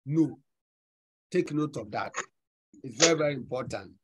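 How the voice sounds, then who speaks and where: A man's voice: mid-range voice, animated, normal speed, noisy background. A man with a Ghanaian English accent teaching French, going over an exam in class and repeating words as he explains. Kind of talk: online class review.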